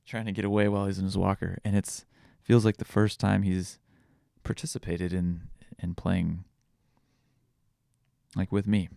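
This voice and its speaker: A man in his thirties talks through a reflective podcast monologue, candid and rambling, often restarting his sentences. His voice sits very low with a gravelly fry, and the recording is dry and close. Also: little pitch movement, moderate pace, pauses often, warm tone, dry recording. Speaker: podcast host.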